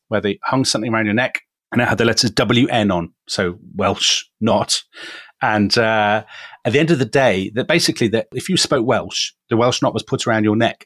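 The speaker is an English history podcast co-host with a lowish, fairly bright voice, recorded dry at studio quality. He tells the story enthusiastically in relaxed conversation, often chuckling and using his co-host's name.

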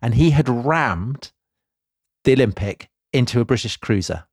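A man's voice: medium pitch, lively intonation, a little slow, a little mellow, breathy edge, no echo, studio quality. A man co-hosting a casual history podcast, wry and methodical, laying out events step by step. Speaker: podcast co-host.

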